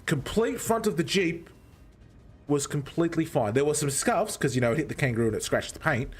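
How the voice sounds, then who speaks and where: A young man, telling a story in a casual, animated way and swearing heavily as he goes. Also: a little high, brisk, breathy edge. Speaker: streamer.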